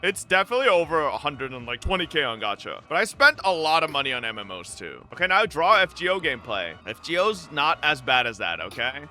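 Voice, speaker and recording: A man streaming live, ranting to his chat in an excitable, profane, animated way. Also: on the high side, a little fast, few pauses, soft background music. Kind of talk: livestream rant to chat.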